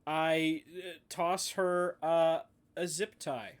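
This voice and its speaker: A man playing a tabletop game, easygoing and quick to laugh. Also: a little high, fairly even intonation, clear, resonant tone. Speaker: player.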